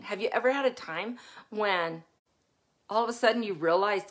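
A middle-aged woman giving a live-stream talk as a parenting coach, chatty and laughing often as she acts out her own moments of yelling. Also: mid-range voice, normal speed.

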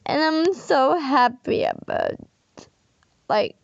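A young woman vlogging, crying and overwhelmed with happiness, speaking haltingly with many fillers. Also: sits high, wildly swooping pitch, gravelly, no echo, highs cut off. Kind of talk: emotional thank-you vlog.

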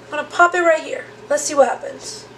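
Young woman, high bright voice, chatty makeup vlog, self-deprecating, filler-heavy, faint room hiss. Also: steady tone, a little fast. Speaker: beauty vlogger. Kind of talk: casual makeup tutorial chat. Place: home vanity room.

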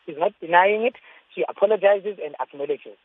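Husky spokeswoman on a tinny phone line. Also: lowish voice, fairly quick, dry recording. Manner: firm, defensive answers. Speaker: government spokesperson. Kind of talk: interview by phone.

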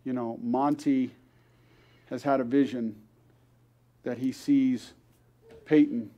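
Older guy, grandpa, telling his story in church, earnest, acts out the voices, middle pitch. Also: fairly even intonation, slow pace, warm tone. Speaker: guest speaker. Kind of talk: testimony story at a church service. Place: church service.

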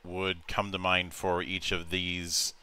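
A man hosting an interview, asking questions in a halting way with frequent restarts. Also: sits low, completely flat delivery, pushed and bright, smooth, dry recording. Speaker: host.

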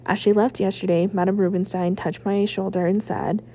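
A woman, a school librarian, reading a chapter book aloud in a lively first-person narration with hushed asides. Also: medium pitch, fairly quick, few pauses, slight background noise.

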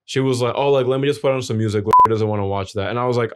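A young man chats casually on a podcast and rambles through long stories, swearing freely along the way. His voice sits at an ordinary middle pitch. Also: rapid-fire, hardly any pauses, fairly bright tone, slight background noise. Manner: rambling, profane storytelling. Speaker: podcast co-host. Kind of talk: casual chat.

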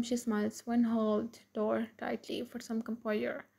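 Woman, fan fiction narration, gravelly, husky, flat, slightly high. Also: a little slow.

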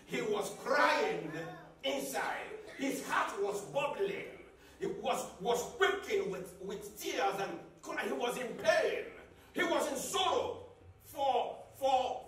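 A man preaching a sermon as a pastor, repeating phrases and building up to shouts. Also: very high voice, expressive, takes it slowly, slight background noise. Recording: echoey hall, mic at a distance.

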